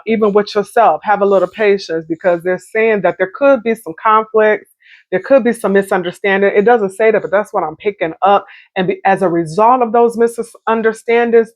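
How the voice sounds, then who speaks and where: A woman talks through a tarot reading in a loose, chatty way, speaking straight to her viewers. Her voice sits at a middle pitch. The sound is dry and close, with no room echo. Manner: chatty, warm-hearted, talks straight to viewers with Southern American slang. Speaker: tarot reader.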